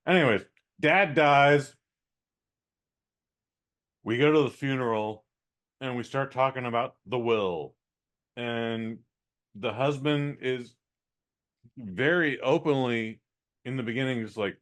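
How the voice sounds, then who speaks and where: Male podcast co-host, mid-pitch, casual and profane, exasperated rambling review. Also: a little slow, pauses often, fairly bright tone. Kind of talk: casual comedic movie review.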